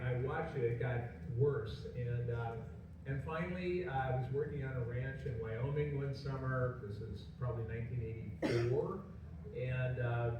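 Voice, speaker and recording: Older man from Illinois, echoey hall. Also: medium pitch. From rural Illinois, USA. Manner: rambling, hesitant, wry humor. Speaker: panel guest. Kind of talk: storytelling anecdote on a festival panel. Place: large convention hall panel room. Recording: echoey hall, distant mic, background noise.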